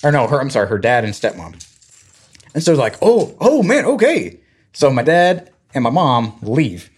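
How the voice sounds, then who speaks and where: Man telling animated family stories. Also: mid-range voice, moderate pace, breathy edge. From Georgia, US. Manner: animated retelling, acts out quoted voices. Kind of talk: casual storytelling chat.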